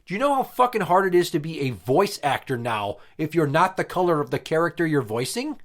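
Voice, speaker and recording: Blunt, animated man hosting a podcast. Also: a little high, fairly quick. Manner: blunt, swears freely, animated storytelling. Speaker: podcast host. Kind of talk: casual profane podcast chat.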